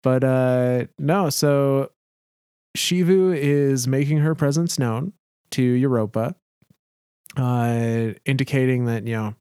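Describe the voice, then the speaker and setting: A man's voice: mid-range voice, slow pace, mellow, smooth, no echo, studio quality. A man co-hosting a gaming podcast, narrating story passages and chatting casually. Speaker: podcast co-host.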